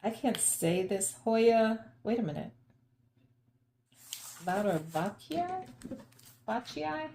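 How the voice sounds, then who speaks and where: A woman unboxing plants in a casual vlog at home, gushing with excitement and laughing often. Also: a little high, slow, pauses often, echoey room, slight background noise. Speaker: plant vlogger. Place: home, unpacking at the sink.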